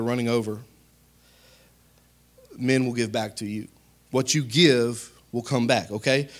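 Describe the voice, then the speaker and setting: A man preaching a sermon as pastor, talking straight to his congregation in a conversational way, rising to loud emphatic peaks and dropping to quiet asides. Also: mid-range voice. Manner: conversational, addresses the congregation directly.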